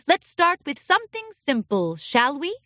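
A bright, lilting pony princess with a sunny, warmly formal manner, as a woman puts her on for a storybook reading. Her voice sits high and swoops lively through each phrase. It is recorded close and dry. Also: unhurried, dry recording, heavily acted. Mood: cheerful. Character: gentle regal female pony princess teacher.

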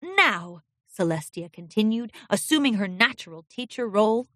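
Expressive woman reading a storybook. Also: medium pitch, a little slow, dry recording, clean studio sound. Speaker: narrator. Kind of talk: storybook narration.

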